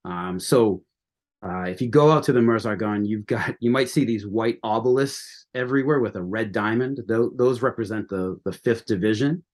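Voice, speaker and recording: Man, from the United States, fairly low voice, podcast guest, enthusiastic, chatty, many fillers. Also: normal speed, darkish tone. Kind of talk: conversational history interview.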